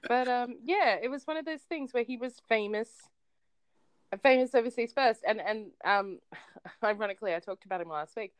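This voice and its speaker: A woman with an Australian accent, co-hosting a casual podcast chat and telling lively stories with frequent laughs. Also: a little high, normal speed, pauses often, smooth, dry recording. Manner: animated storyteller, laughs often. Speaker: podcast co-host.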